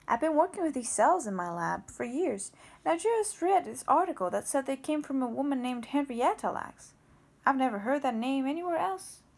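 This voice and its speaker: A woman voicing a calm male cancer researcher, dropping her voice lower and keeping it steady. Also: normal speed, vocal fry, heavily acted. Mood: curious.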